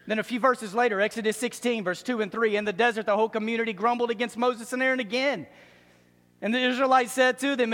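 A man with a high voice preaches a sermon in a large church hall, and his words ring out with a long reverb. He talks with animation, drops in joking asides and acts out other people's voices as he teaches. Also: brisk, fairly bright tone. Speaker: pastor.

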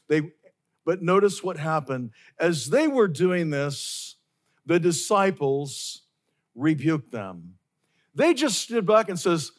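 Male pastor, slightly high voice, slow and earnest sermon delivery that repeats key phrases. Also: big pitch swings.

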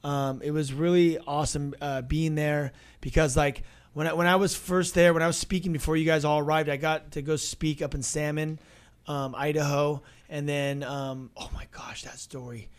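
A man with a slightly high voice tells tour stories in an easy, talkative way. He acts out the people in his stories and moves quickly from one scene to the next. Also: smooth. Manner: animated storyteller, acts out dialogue. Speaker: ministry tour leader. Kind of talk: casual recap storytelling.

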